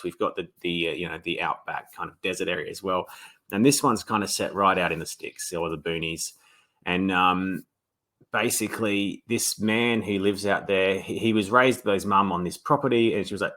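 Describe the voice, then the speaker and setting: Australian guy with a really low voice chatting about his book, keeps restarting sentences, kinda bright tone. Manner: relaxed, rambling with frequent restarts and ums. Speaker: author guest. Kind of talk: casual interview.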